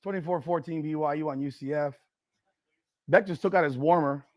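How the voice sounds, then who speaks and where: High pitched guy yelling at a football game live, swears a lot, gets worked up fast. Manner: excitable, profane, argues with chat and the broadcast. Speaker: podcast host reacting live to a football game. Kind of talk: live watch-party commentary.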